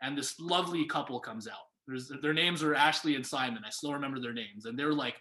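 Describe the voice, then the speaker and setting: A young man telling a story in casual conversation, lively and acting out what people said. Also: mid-range voice, fast, few pauses. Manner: animated, acts out quoted voices. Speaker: guest. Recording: echoey room.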